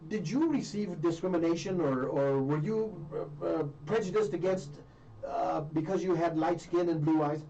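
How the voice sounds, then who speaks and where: A man's voice: a little high, moderate pace, gravelly, dark tone. A male interviewer who asks questions and often chimes in with short words of agreement. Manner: affirming, with frequent interjections. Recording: distant muffled mic with faint noise.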